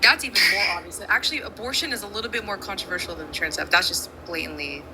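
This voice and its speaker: A woman on a casual group call, arguing her view quickly and talking over others. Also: medium pitch, background noise. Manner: fast, argumentative, talks over others. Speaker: debate guest.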